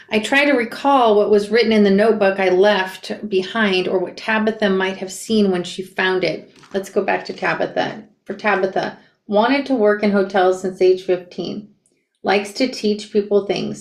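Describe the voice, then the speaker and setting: A woman from Portland, Oregon reads a memoir aloud at a medium pitch. She breaks off into casual, animated asides. The room around her is echoey. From Portland, Oregon, USA. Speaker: book reader and commentator. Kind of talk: reading a memoir aloud with reactions.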